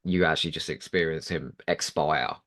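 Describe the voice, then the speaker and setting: A man on a podcast panel, talking in a lively, playful way and laughing easily during casual chat. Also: rumbling low, normal speed.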